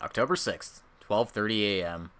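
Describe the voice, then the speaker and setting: A man's voice: fairly low pitch, moderate pace, a bit bright, a little hiss or hum. A male streamer commenting casually on a game, joking in an irreverent way and swearing freely. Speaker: let's play streamer.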